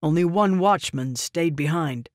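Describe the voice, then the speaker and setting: A man's voice: on the high side, unhurried, dry recording, clean studio sound, lightly acted. A man voicing a stern, honor-bound male guard captain who speaks firmly and earnestly. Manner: firm, raised, earnest.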